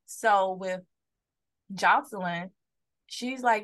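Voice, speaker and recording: With a mid-range voice that's a bit bright and a moderate pace, this woman co-hosts a podcast in a relaxed, chatty way. Her storytelling comes alive as she performs the quotes, switching voices for each.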